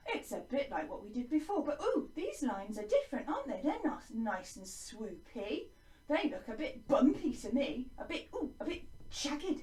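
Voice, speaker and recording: A woman's voice: a little high, roomy sound, distant mic. A woman with an English accent teaching young children in an online lesson, in a sing-song, encouraging way that is exaggerated for small children. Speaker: primary school teacher.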